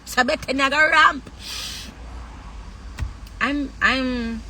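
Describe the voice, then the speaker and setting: A woman speaking frankly on a livestream, halting often with long pauses as she talks about her own life. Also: mid-range voice, sharp tone, a little hiss or hum, low-quality recording. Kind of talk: candid personal talk.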